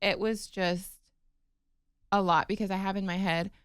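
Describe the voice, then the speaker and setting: A woman co-hosting a podcast, telling a personal story in casual chat, animated and emotional with many fillers. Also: mid-range voice, normal speed, smooth, dry recording, studio quality. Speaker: podcast co-host.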